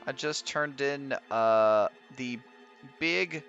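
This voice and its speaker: A young man with a Midwestern American accent streams a game and chats with viewers, laughing often and trailing off as he reads. His medium-pitched voice is extremely slow, a bit bright, clear and resonant, though the recording is muffled with faint music behind.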